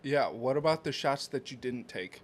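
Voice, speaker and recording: A man co-hosting a casual podcast, tossing in jokes and quick asides. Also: medium pitch, animated, slight background noise. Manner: joking, quick interjections. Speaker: podcast co-host. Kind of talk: casual chat.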